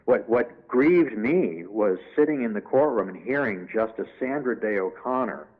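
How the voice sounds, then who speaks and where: A man guest in an interview, telling anecdotes in an animated way and acting out the voices he quotes. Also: lowish voice, moderate pace, phone-quality sound.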